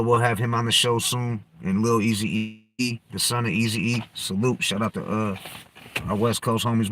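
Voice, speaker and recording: A man's voice: fairly low pitch, fairly bright tone. A man hosting a podcast, talking loosely in slang and profanity and jumping from topic to topic. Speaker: podcast host. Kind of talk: casual rambling chat.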